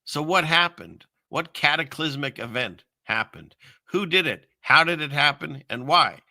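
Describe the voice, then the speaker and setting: A man hosting a casual livestream, rambling and chuckling through viewer comments with lots of filler words and trailing pauses. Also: fairly high pitch, expressive, gravelly, bright, forceful tone, no echo, studio quality. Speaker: livestream host reading viewer chat. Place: home setup in the Seattle area.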